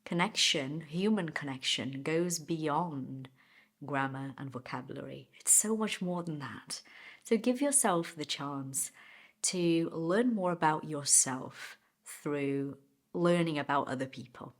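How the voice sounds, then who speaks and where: A woman's voice: sits low, slow. A woman English teacher telling a personal story as a lesson, chatty, laughing now and then, and stopping to explain idioms.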